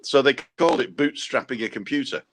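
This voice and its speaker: Bright-voiced man telling rambling anecdotes. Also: medium pitch, lively intonation, fast talker, slight background noise. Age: older. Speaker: podcast host. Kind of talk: casual chat.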